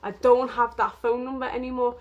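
A woman's voice: a little high, little pitch movement, a little fast, muffled recording. A woman vlogging in a rambling, emotional way, with lots of fillers. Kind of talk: casual vlog talk.

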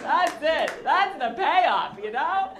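A woman's voice: high-pitched, very animated, slow, a loud crowd, heavy background noise. A woman performing a stand-up comedy set on a club stage, bubbly and self-mocking. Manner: bubbly, self-mocking, acts out quoted voices. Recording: echoey club, loud audience laughter.

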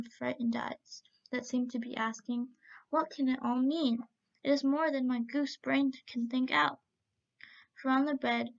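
A woman narrating a storybook tale at a steady pace, with occasional slips. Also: on the high side, creaky. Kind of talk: storybook reading. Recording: dull lo-fi recording.

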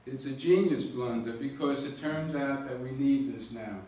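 In a dark, mid-range voice at a moderate pace, a man gives a public talk with slides, explaining carefully and making self-deprecating jokes. He was recorded from far away in a hall full of echo.

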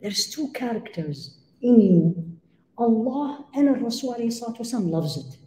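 A woman's voice: a little high, animated, normal speed, warm tone. A woman giving a religious lecture to a live audience, emphatic, asking rhetorical questions and weaving in Arabic phrases. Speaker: Islamic lecturer. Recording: echoey lecture room.

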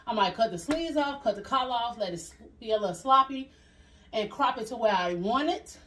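A woman vlogger chatting casually through a clothing haul, animated and laughing often. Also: fairly high pitch, far from the mic.

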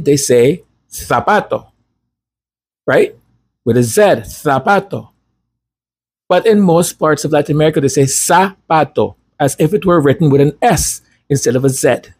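A man whose first language is Spanish hosts a commentary channel, rambling through a casual monologue with chatty digressions and self-deprecating asides. His voice sits fairly high and sounds husky and a little mellow.

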